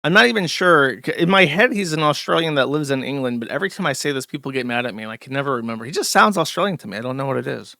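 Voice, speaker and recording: A man hosts a casual commentary show in a sarcastic, mocking tone. His voice is bright and sharp, and it is recorded dry and close. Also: mid-range voice, lively intonation, very fast, vocal fry, few pauses, no room sound. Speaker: show host.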